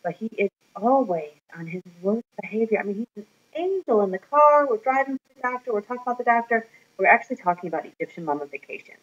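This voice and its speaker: A woman's voice: fairly high pitch, lively intonation, fast talker. A mother talking to her camera in a casual vlog, telling a candid, rambling story with plenty of fillers. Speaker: mother vlogging about her son. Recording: slightly dull lo-fi recording.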